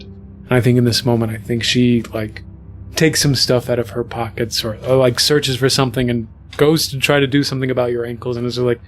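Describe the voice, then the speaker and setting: A man's voice: medium pitch, little pitch movement, fairly quick, slight background noise. A young adult man narrating as game master, in a rambling way full of fillers.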